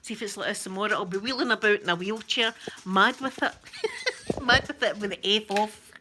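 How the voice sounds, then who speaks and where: A Scottish woman vlogger chatting casually with her viewers, talkative and quick to laugh at herself. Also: mid-range voice, background noise. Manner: chatty, laughs often, self-mocking. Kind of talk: casual live-stream chat.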